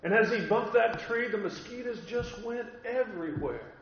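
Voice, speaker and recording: A man's voice: high-pitched, expressive, normal speed, a little hiss or hum. A man from California preaching a sermon, telling stories and repeating key phrases with emphasis, in a church hall. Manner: earnest storytelling, emphatic repetition. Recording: echoey hall, dull lo-fi.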